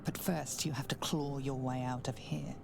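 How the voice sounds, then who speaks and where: A woman narrating a game in a hushed, ominous, half-whispered voice. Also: extremely low pitch, fairly even intonation, moderate pace, gravelly, noisy background. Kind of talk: scripted narration. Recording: loud game ambience behind.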